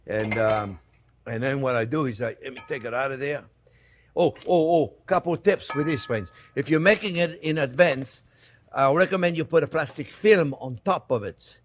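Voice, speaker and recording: A man's voice: mid-range voice, normal speed, a little hiss or hum. A man, a chef giving a casual cooking demonstration in his kitchen. He keeps calling his viewers "friends" and laughs easily. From France. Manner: chatty, repeats "friends" often, laughs easily.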